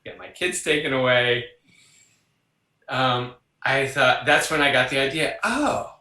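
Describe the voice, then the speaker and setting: Bright-toned man in an echoey room, animated chatty interview guest. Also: medium pitch, a little slow. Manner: animated, acts out quoted voices, laughs along. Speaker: psychologist guest. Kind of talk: conversational interview storytelling.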